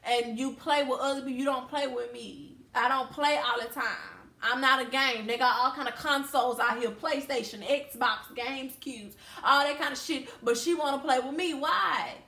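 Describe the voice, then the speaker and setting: A woman's voice: high-pitched, moderate pace, hardly any pauses, bright, forceful tone. A young woman from Louisiana telling a storytime to camera in a blunt, heated, emphatic way. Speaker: vlogger. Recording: echoey room.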